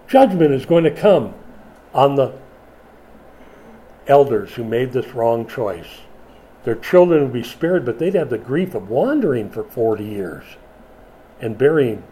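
A man preaching a sermon, dramatic and animated, dropping from loud emphasis to hushed lines and acting out voices. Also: a little high. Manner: acts out biblical voices in quotes.

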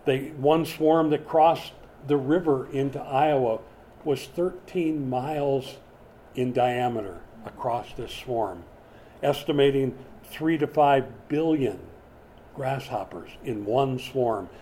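A man delivering a sermon in a relaxed, chatty manner, his voice mellow and warm. He repeats words as he works up to a point and swings suddenly into dramatic emphasis. A faint hiss sits under the recording. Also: medium pitch, slow. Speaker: preacher. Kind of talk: expository sermon.

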